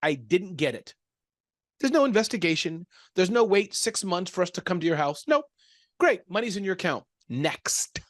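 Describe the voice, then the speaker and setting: Upbeat male interviewer, lively, slightly high voice, dry close recording. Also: moderate pace, dry recording. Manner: enthusiastic, animated, laughs often. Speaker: interview host. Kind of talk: conversational interview.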